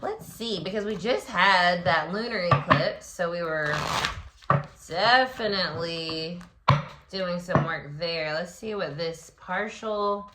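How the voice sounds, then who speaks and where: A woman's voice: on the low side, takes it slowly, roomy sound, very noisy. A woman hosting a solo tarot reading. She talks expressively, with lots of fillers, and acts out inner voices. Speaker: tarot reader and astrology host.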